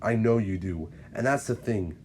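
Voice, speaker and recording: A man's voice: lowish voice, normal speed, darkish tone, a little hiss or hum, lightly acted. A man reading the lines of an earnest young male superhero in a fan-written story. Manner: urgent, earnest.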